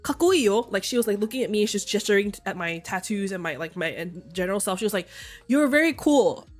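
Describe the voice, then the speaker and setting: A young woman chats casually on a stream, talking very fast with faint music in the background. She is candid and swears freely, now and then breaking into shrill, excited outbursts.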